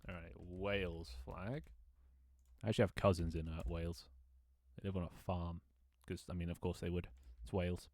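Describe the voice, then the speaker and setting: Low-voiced English man chatting on stream. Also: little pitch movement, normal speed, darkish tone, dry recording, studio quality. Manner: rambling, jokey, swears freely. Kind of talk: casual live-stream chat.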